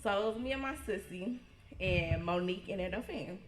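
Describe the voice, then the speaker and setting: A woman in her twenties telling a funny family story at a party, lively and acting out the quotes, laughing through her lines. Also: mid-range voice, normal speed, background noise. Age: 20s. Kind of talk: animated storytelling. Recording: echoey room.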